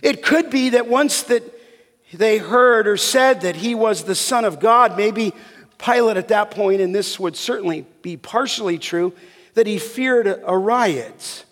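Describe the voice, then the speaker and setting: A man preaching a sermon as pastor, deliberate and emphatic, asking the congregation rhetorical questions. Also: sits high, a bit bright, big-room sound.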